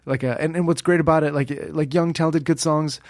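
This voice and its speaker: A man's voice: fairly high pitch, steady tone, brisk, dry recording, clean studio sound. A man talking casually as a podcast guest, a music producer who rambles with lots of fillers and restarts. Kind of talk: casual chat.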